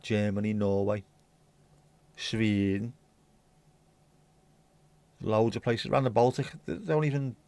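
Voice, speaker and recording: With a fairly low, darkish voice, a man hosts a livestream, bluntly rambling through viewer comments and occasionally swearing. There's no room sound in the casual chat.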